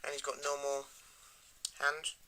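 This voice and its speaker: Guy, toy reviewer, higher voice, very bright tone, rambly and eager. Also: monotone, unhurried, slight background noise. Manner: rambling, enthusiastic, trails off into mumbles.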